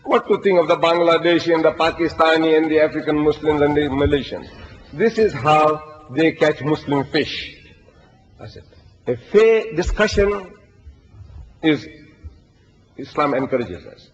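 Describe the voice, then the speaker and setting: An older man preaching to an audience, telling animated stories and reciting Arabic verses. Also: a little high, a little slow. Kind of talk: lecture to an audience. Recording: dull lo-fi recording, long hall reverb.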